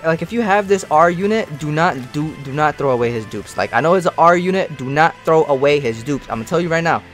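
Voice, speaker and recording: A young man with a fairly high-pitched voice plays a mobile game while giving casual, slang-filled commentary. He gets excited and grumbles about his bad luck.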